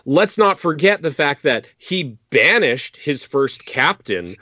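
High, lively ranting man. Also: takes it slowly, dry recording. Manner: ranting, profane, animated. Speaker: podcast co-host. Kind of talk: casual chat. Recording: dry, lo-fi podcast audio.

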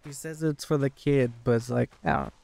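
A young man venting in a casual, rambling way while playing a game, swearing often and filling every pause with "like". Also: mid-range voice, very animated, creaky, darkish tone. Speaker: gaming YouTuber.

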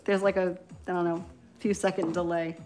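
A woman's voice: fairly low pitch, flat delivery, moderate pace, a little mellow, faint music behind. A woman in her thirties with a New York accent, chatting on a live stream while painting nail swatches, a little tipsy from wine and easily distracted. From New York, Long Island. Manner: chatty, scattered, giggly. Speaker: nail beauty YouTuber.

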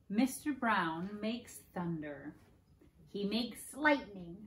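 A woman hosting preschool story time, reading picture books aloud in a slow, sing-song way and playfully acting out animal noises for children. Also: mid-range voice, animated, roomy sound.

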